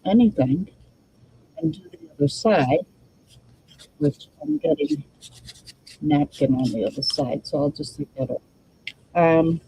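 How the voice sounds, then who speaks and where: Slow, mellow-voiced woman crafting and chatting. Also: on the low side, slight background noise, low-quality recording. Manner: thinks aloud while working, chatty asides. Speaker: crafting channel host. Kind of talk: casual crafting demo, talking to viewers.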